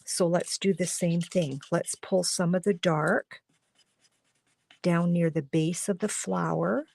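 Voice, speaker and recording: A woman demonstrates card coloring live from her home craft studio, talking in an unhurried, chatty way and often dropping to a soft murmur as she works. Her voice has a low, gravelly edge, and she is losing it. She sounds relaxed and instructive. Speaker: crafting class host.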